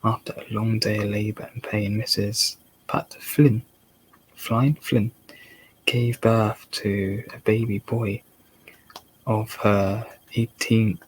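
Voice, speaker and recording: A man with a Dorset accent doing a slow ASMR book reading, halting and rereading words as he goes. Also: fairly low pitch, level tone, a little hiss or hum, rough recording. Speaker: channel host reading a book aloud.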